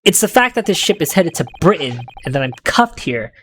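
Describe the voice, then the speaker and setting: A woman voicing a grand, pompous male detective in a game, in a lowered, theatrical voice. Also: very animated, fairly quick, slight background noise.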